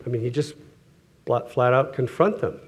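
Middle-aged man, preacher, casual storytelling sermon, self-correcting, soft chuckles, acts out quotes, average pitch. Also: normal speed, husky. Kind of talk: sermon with personal stories.

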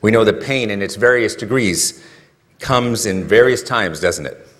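Conversational male preacher, low voice. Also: lively intonation, a little slow, a bit bright. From California. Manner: conversational, rhetorical questions, builds to emphatic peaks. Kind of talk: sermon.

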